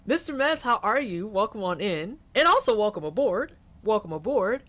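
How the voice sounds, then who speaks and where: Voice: mid-range voice, normal speed. A streamer joking and swearing through commentary while playing a horror game. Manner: joking, profane, animated. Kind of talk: live gameplay commentary.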